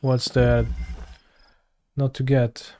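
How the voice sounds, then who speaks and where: A man's voice: mid-range voice, level tone, drawn-out words, mellow, slight background noise. A man with a Polish accent, a streamer muttering casual, sarcastic commentary over his game, swearing when frustrated.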